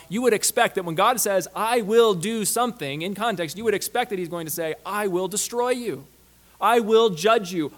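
A man preaches to his congregation in a fairly high voice for a man. His delivery is measured and emphatic, with sudden slowing and quieter endings on the key words. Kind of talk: sermon.

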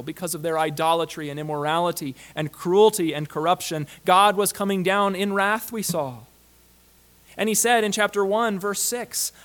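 Man preaching an emphatic, measured sermon. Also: high-pitched. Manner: measured, emphatic delivery with dramatic slowing and softening on key words.

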